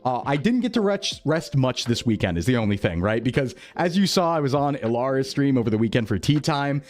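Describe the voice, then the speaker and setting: A man's voice: medium pitch, sing-song, brisk, darkish tone. A man chatting casually on a live stream, upbeat and talkative, greeting viewers by name.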